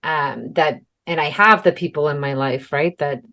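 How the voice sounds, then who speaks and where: A woman's voice: low-pitched, moderate pace, pushed and bright. A young adult woman co-hosting a podcast, telling a story in a casual, chatty way with lots of fillers and the odd swear. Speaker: podcast co-host. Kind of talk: casual chat.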